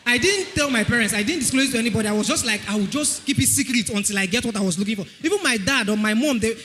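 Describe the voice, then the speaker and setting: A young man with a Nigerian accent tells an animated testimony in church, acting out the voices of others. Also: very high-pitched, breathy edge, big-room sound. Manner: animated storytelling, acts out voices. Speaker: church member giving testimony.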